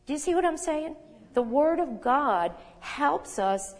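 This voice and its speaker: A woman in her sixties teaching a sermon in a conversational, animated way, reading scripture aloud with emphasis. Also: high voice, a little slow. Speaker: Bible teacher. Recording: long hall reverb.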